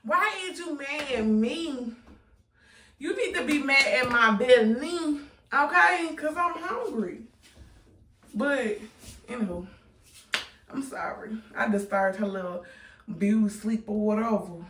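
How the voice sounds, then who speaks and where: A woman's voice: fairly high pitch, lively intonation, a little slow, long pauses, a bit bright, reverberant, far from the mic, a little hiss or hum. Teasing woman vlogging from her phone. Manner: playful, teasing, laughing often. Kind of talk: casual prank vlog. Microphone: phone held in hand.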